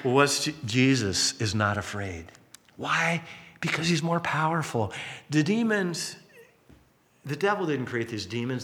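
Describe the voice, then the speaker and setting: Bright-voiced man preaching a lively sermon. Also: on the high side. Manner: lively storytelling with acted-out quotes and asides. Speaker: pastor.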